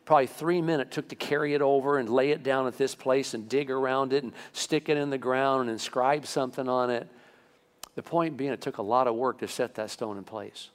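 A man preaching a sermon as pastor, animated, rising sharply in pitch to stress his points. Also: brisk, clear, resonant tone. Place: church sanctuary. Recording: long reverb of a church hall.

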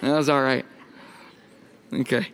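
A man's voice: mid-range voice, steady tone, unhurried, noisy background. A man in his thirties preaching a sermon in a church, casual and joking, talking back and forth with his congregation. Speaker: pastor. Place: church sanctuary.

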